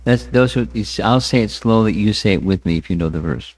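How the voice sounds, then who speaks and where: A man teaching a scriptural class, speaking deliberately, often repeating words and chanting verses with his listeners. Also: fairly low pitch, noisy background. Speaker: spiritual teacher. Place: temple hall.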